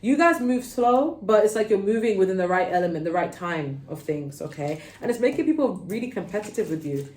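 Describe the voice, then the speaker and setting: A woman with a London accent giving a casual pick-a-card tarot reading, chatty and animated, often checking in with "okay?". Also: medium pitch, a little fast, few pauses. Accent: London English. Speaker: tarot reader. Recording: roomy echo.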